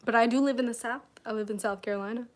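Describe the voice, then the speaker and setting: A woman's voice: fairly high pitch, steady tone, very fast. A woman from Michigan chatting on a livestream at home, giving self-help advice and reading comments, laughing often and filling with "you know.". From Michigan, USA. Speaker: self-help mentor streamer. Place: at home, room with candles and incense.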